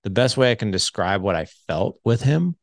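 A man in his forties with a deep, gravelly voice tells his own story as a podcast guest. He speaks candidly and casually, leaning on "like" as he goes, and the sound is close and dry. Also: big pitch swings, normal speed, no room sound. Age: 40s. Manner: candid, heavy use of filler "like".

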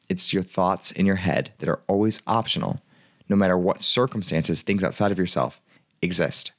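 A man in his twenties hosting a podcast as a life coach, talking earnestly in a rambling way with many fillers and restarts. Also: on the low side. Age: 20s. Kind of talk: casual podcast monologue.

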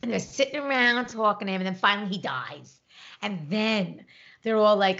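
A woman co-hosting a casual podcast chat over a remote call, retelling stories with lively voiced quotes. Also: medium pitch, moderate pace. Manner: animated storytelling, acts out quotes. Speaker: podcast co-host. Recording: lo-fi internet call audio.

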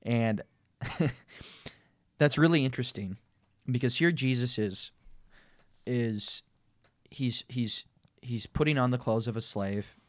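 A man co-hosting a casual Bible discussion podcast, talking in an animated way with frequent laughs and restarts. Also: mid-range voice, takes it slowly, long pauses, no room sound, clean studio sound. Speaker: podcast co-host.

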